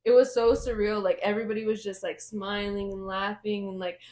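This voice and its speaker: Sniffly young woman co-host, casual animated storyteller, average pitch. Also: fairly quick. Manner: animated storyteller, heavy use of "like". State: getting over a cold, sniffly. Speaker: podcast co-host. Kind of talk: casual chat.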